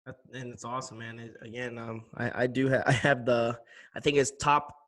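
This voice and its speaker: Bright-voiced young man hosting. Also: medium pitch, fairly quick. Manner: relaxed, laughs easily, many fillers. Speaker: host. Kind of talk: casual chat.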